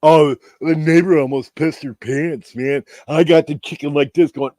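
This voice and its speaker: A man's voice: on the high side, steady tone, normal speed, hardly any pauses, warm tone, no echo. A man hosting a casual stream chat, telling a rowdy story with acted-out bits and swearing. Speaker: stream host.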